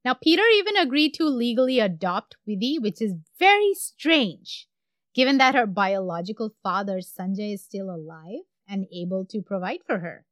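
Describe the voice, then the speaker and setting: A woman from India hosting a podcast, telling a true crime story in an animated, conversational way. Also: medium pitch, normal speed, dry recording, studio quality. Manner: animated, conversational, trailing off at phrase ends. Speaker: podcast host.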